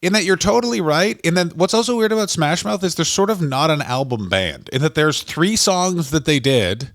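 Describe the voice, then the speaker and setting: A man's voice: fairly high pitch, expressive, normal speed, fairly bright tone, no echo, clean studio sound. A man co-hosting a podcast in casual comedic chat, ranting profanely with hot takes. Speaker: podcast co-host.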